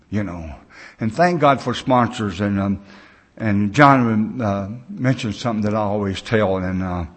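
A man's voice: lowish voice, husky. A man in his sixties speaking at a recovery meeting, telling stories in a folksy, plain-spoken way with loose grammar.

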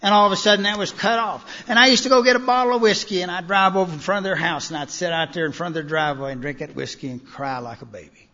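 A man's voice: high voice, fairly even intonation, fast, few pauses, pushed and bright. A man giving a personal recovery talk to a meeting, telling his story in a folksy way full of "you know". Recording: dull-sounding recording in a reverberant hall.

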